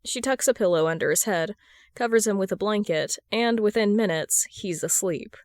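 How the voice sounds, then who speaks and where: A woman narrating a fan fiction story in a steady, even read. Her voice sits mid-range, and the recording is dry and close with no room echo. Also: medium pitch, normal speed. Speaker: podfic reader.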